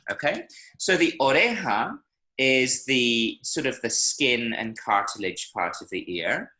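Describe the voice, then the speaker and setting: A lively Spanish teacher with a bright voice gives an online language lesson over a video call from Medellín. His pitch is medium and his pace a little slow, and the recording is rough. He is patient, explaining things and checking that students understand.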